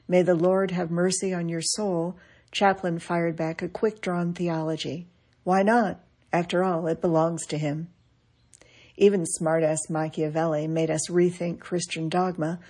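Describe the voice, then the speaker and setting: A middle-aged woman reading a reflective essay aloud in a wry, measured way. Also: lowish voice, fairly even intonation, a little mellow. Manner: wry, measured, quoting others with dry emphasis. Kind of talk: scripted reflective narration.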